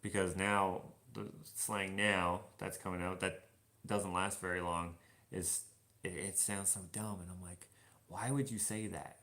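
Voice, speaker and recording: A man's voice: low-pitched, flat delivery, a little slow, bright, forceful tone. A young man doing a casual live Q&A while washing dishes in his kitchen. He rambles, reads viewer comments aloud and muses on them. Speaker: vlogger answering live questions.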